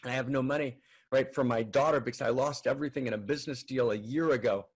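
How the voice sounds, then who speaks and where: A man voicing a ruined, suspicious older father who speaks bitterly and accusingly, with a gravelly voice. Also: mid-range voice, fairly even intonation, fast.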